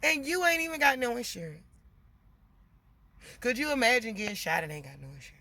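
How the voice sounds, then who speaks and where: A woman venting in a casual monologue to her viewers, animated and emotional, getting loud as she talks. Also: a little high, a little fast, dry recording. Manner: gets loud when emotional.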